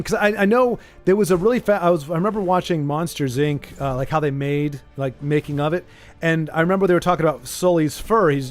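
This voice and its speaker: Chatty streamer host, music behind. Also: male voice, a little high. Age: adult with a young child. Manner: rambling, animated, does quick silly voices. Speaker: streamer hosting an interview. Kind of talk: casual chat.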